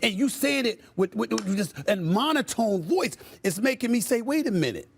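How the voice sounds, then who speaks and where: High, gravelly man ranting theatrically. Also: moderate pace. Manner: loud, theatrical, lively rants with mock-pleading. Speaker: sports debate commentator. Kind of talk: heated sports debate.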